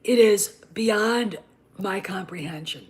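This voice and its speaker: A woman's voice: mid-range voice, slow pace. Woman ranting on her vlog, blunt and sweary, goes off on tangents. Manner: blunt and profane, opinionated rambling. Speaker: host of a channel on the Star Wars franchise. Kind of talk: casual commentary vlog.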